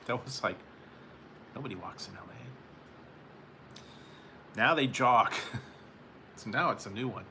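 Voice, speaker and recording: This man, a live-stream host from California, reads chat with a lowish, bright, forceful voice, speaking a little slowly with long pauses. His chat with viewers is casual and rambling, broken up by frequent chuckles. A little hiss or hum can be heard.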